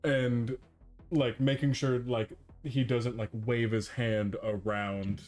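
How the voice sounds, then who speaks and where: A man's voice: medium pitch, little pitch movement, takes it slowly, a little mellow, faint music behind. A man playing in a tabletop game, talking casually and filling his sentences with "like". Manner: casual, fills speech with "like". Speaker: player.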